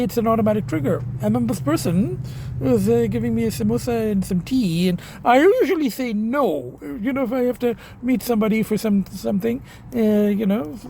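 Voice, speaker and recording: A man's voice: very high voice, darkish tone, a little hiss or hum. Rambling middle-aged man vlogging. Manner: rambling, hesitant, full of you-knows and restarts; blunt and swearing when annoyed. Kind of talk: casual vlog talk to camera. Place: car, restaurants and shops.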